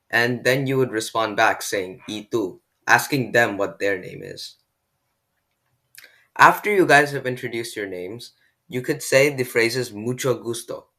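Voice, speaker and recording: A man giving a beginner language lesson, explaining step by step and slowing down to model pronunciation. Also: on the low side, pushed and bright. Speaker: language tutor.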